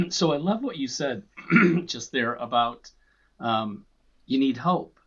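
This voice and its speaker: A man co-hosting a faith podcast, asking reflective questions in a measured way with hesitant starts. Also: medium pitch, expressive, fairly bright tone, breathy edge, lo-fi sound. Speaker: podcast co-host. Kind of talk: conversational interview.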